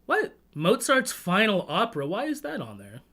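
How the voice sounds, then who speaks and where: A man's voice: high-pitched, wildly swooping pitch, normal speed, pushed and bright. A man from Toronto hosting a livestream, rambling casually with lots of swearing and restarts. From Toronto, Canada. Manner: rambling, profane, self-interrupting. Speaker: livestream host. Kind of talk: casual chat.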